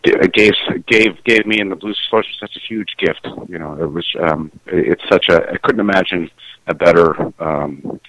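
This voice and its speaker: Very deep-voiced man, halting and tongue-tied. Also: fairly bright tone, rough recording. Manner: halting, full of restarts and fillers, self-conscious laughs. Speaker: musician guest. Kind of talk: casual interview.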